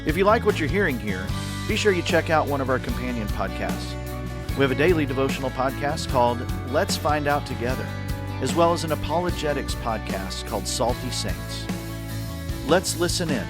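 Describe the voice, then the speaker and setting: A man reading a scripted podcast intro in a plain, steady way. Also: mid-range voice, normal speed. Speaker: podcast announcer. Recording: guitar music behind.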